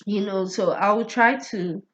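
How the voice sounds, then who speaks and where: A woman's voice: mid-range voice, measured pace, fairly bright tone. A woman vlogger telling a personal story in a casual monologue. She stammers, restarts her words and keeps asking whether the listener gets what she is saying. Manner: keeps asking "you get what I'm saying?", often laughs. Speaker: astrology vlogger. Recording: slightly muffled lo-fi audio.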